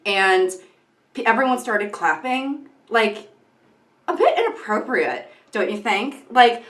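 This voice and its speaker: Young woman vlogging, giggly rambly tangents, bright voice, kinda echoey room. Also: a little high, big pitch swings, takes it slowly. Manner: rambling, self-interrupting, giggly. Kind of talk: casual rambling commentary.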